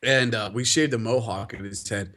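A young man co-hosting a podcast, telling stories in a profane, animated way and laughing often. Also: fairly low pitch, normal speed. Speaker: podcast co-host. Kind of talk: casual chat.

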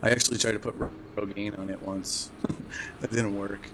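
A man's voice: lowish voice, normal speed, noisy background. Laughing, rambling podcast co-host man. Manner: rambling, laughs often, animated storytelling. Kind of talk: casual chat.

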